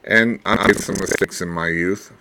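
A man hosting his own podcast, talking in a reflective, rambling way with pauses and repeats, earnest and fatherly, and ending with blessings. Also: low-pitched, steady tone, noisy background. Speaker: podcast host. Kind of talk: casual solo podcast monologue.

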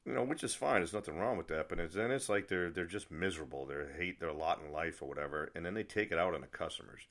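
Man, low voice, casual rant, rambling, exasperated, lots of restarts. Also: quick pace, fairly bright tone. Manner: rambling, exasperated, frequent restarts and mild swearing. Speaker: vlogger.

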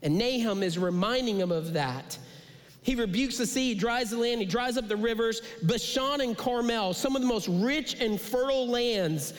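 Male pastor, high pitch, preaching with passion in a big echoing sanctuary; drops low and soft for emphasis. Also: normal speed. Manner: impassioned preaching with dramatic pitch drops and whispered asides. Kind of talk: sermon. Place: large church sanctuary. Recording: long hall reverb.

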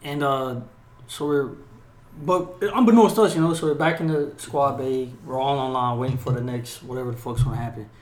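A young man co-hosting a podcast, telling profane, animated stories in casual chat and acting out yelling drill instructors. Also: mid-range voice, a little fast, echoey room. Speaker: podcast co-host.

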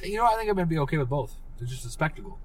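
A man co-hosting a casual wrestling podcast, throwing in quick jokes and quips. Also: a little high, sing-song, a little mellow. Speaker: podcast co-host.

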